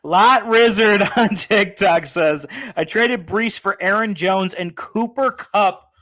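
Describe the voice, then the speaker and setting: A man's voice: sits high, slow. A man co-hosting a casual fantasy football livestream, reading viewer questions aloud and swearing often. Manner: animated, profane, reads viewer questions.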